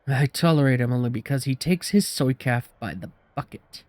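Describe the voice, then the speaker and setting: A man voicing a disdainful, sharp-tongued male café owner who talks in clipped, insulting lines. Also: medium pitch, moderate pace, no room sound, natural voice. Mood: scornful.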